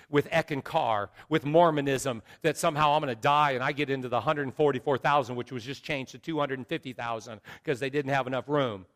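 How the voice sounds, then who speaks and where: A man's voice: on the high side, fairly bright tone. A middle-aged man preaching a sermon as pastor, emphatic and repetitive. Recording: long reverb of a large hall.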